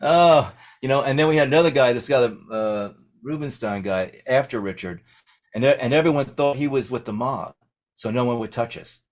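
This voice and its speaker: A man's voice: medium pitch, normal speed. Rambling man in his sixties telling stories. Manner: rambling, full of "you know" and "like", acts out quotes. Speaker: guest musician. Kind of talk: casual storytelling in an interview.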